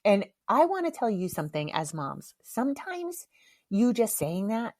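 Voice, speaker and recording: A middle-aged woman hosts her podcast in a loose, candid monologue, swearing freely and laughing as she tells a story. Her voice sits at an ordinary, mid-range pitch. The recording is close and dry, with no room sound. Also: big pitch swings, a little fast, warm tone, no room sound. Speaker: podcast host.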